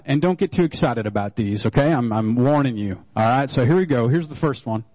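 A man's voice: medium pitch, lively intonation, brisk, few pauses, darkish tone. A male pastor preaches in a loose, joking manner, telling stories with plenty of fillers and restarts. His voice sits in a middle range. The sound is dry and close, with no room echo. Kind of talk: sermon.

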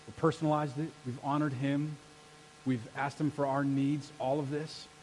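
A man preaching a sermon as pastor, energetic and rallying his congregation to answer back. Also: mid-range voice, moderate pace, slight background noise, rough recording. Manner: energetic, rallies the congregation with call-and-response. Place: church sanctuary.

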